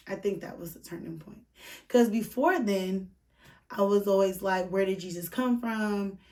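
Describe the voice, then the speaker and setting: Woman on a podcast rambling through a story, lots of "like", swears a lot, mic kinda far off. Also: mid-range voice. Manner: candid, profane, full of "like" fillers. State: emotional, near tears at moments. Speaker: podcast host. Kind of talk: casual storytelling.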